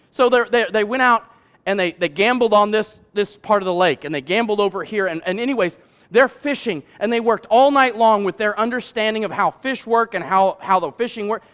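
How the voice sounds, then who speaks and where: A man preaching a sermon as pastor, talking in a loose conversational way and building to loud, emphatic peaks. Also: high-pitched, normal speed, clean tone.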